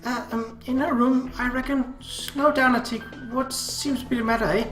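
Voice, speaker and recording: A man's voice: very high voice, fairly even intonation, moderate pace, a bit bright, voice pushed up. A man voicing a meek, formally polite girl who hesitates, recorded in a roomy space with faint music.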